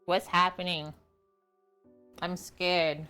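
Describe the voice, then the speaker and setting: A woman's voice: on the low side, little pitch movement, extremely slow, pushed and bright, faint music behind. A woman hosting a cooking livestream, chatting casually with viewers and laughing easily. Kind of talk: casual chat with stream viewers.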